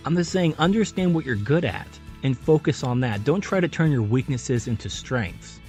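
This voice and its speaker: A man talking straight to camera in an unscripted commentary, giving earnest advice and shifting his delivery to stay animated. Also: mid-range voice, fairly quick, hardly any pauses, faint music behind. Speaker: YouTube commentator.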